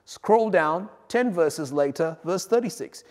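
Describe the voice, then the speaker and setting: A man preaching a sermon, swinging between loud emphatic lines and quiet asides. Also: high voice, lively intonation, measured pace, in a large hall. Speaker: pastor.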